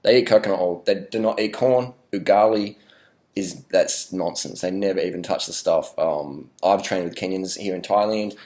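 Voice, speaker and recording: A man's voice: sits low, moderate pace, a little mellow. An Australian man rambling through a sarcastic, mock-serious vlog rant with plenty of swearing. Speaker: vlogger.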